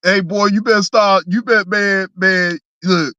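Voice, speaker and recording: A reaction channel host in casual commentary, laughing often, teasing chat viewers and repeating words in excited bursts. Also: medium pitch, measured pace, dry recording, highs cut off.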